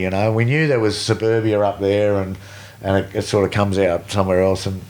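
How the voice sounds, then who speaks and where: A middle-aged man with an Australian accent tells a story as a guest, animated and swearing freely, acting out the other people's voices. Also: fairly low pitch, a little fast. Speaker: guest, veteran BASE jumper. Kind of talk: casual storytelling.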